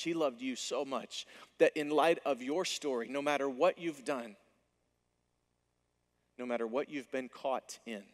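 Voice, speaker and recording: A male pastor delivering a sermon, telling the story with animated delivery and acting out the dialogue. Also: mid-range voice, big-room sound.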